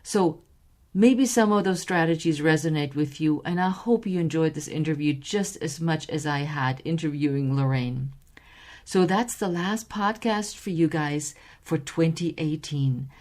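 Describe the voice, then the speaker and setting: A woman's voice: sits low, measured pace, darkish tone. A woman hosting a podcast, agreeing effusively with her guest and closing the episode with enthusiasm. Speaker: podcast host. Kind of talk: podcast interview and outro.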